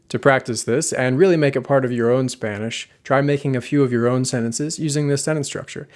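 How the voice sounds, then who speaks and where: A man teaching a language lesson, explaining grammar clearly and step by step and slowing down for example sentences. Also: mid-range voice, a little mellow.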